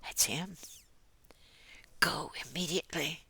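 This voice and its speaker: An older woman giving a gentle devotional message, often dropping into a soft whisper and laughing lightly as she speaks. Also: low voice, takes it slowly, breathy edge. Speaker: Christian speaker.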